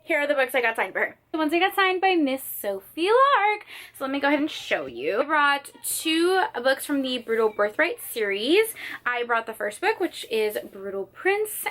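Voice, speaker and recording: Bubbly young woman gushing about books, bright kinda high voice, dramatic storyteller. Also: big pitch swings, normal speed. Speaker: book vlogger. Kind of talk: chatty book haul vlog. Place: sitting on the floor of her room.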